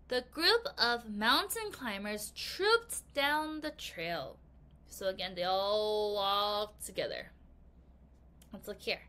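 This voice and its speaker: A woman teaching a vocabulary lesson with a bright, clear voice that swings widely in pitch. She is playful and expressive, acting out the example sentences. She reads each one slowly and deliberately. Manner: slow, careful reading of example sentences.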